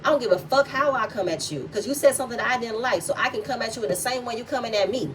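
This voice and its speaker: A woman's voice: a little high, quick pace, recorded from a distance, slight background noise, low-quality recording. Blunt, profane woman ranting on a recap. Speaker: reality TV recap host. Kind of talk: opinionated commentary vlog.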